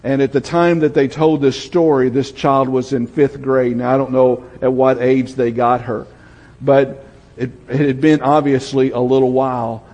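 Older Southern male pastor, husky, storytelling sermon, long church reverb. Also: mid-range voice. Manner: storytelling, drops to a soft hush for emotional moments.

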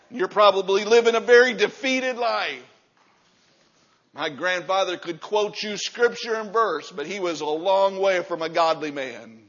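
A man preaching a sermon as pastor, moving from low, quiet passages up to loud, shouting stretches. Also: animated, slow pace, lo-fi sound.

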